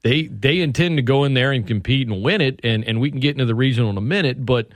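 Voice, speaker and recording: A man's voice: mid-range voice, fast, no echo, clean studio sound. A man co-hosting a sports talk radio show, chatting casually and setting up topics.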